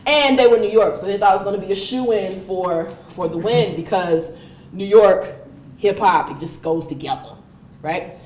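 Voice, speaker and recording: A woman giving a university lecture, telling the story in a lively, animated way with frequent laughter. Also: mid-range voice, moderate pace, distant mic, slight background noise. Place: lecture room. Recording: roomy hall sound.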